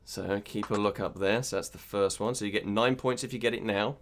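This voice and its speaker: A man's voice: fairly low pitch, steady tone, fairly quick, hardly any pauses. A British man hosting an online pub quiz, upbeat and teasing as he reads out questions and viewers' answers. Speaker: quiz host.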